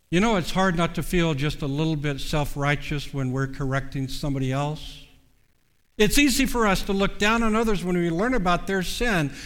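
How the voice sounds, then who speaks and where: A man delivers a sermon in a slightly high voice, earnest and measured, leaning on slow pauses to stress his points. His words trail off into a long, ringing reverb. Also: fairly bright tone, smooth. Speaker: preacher.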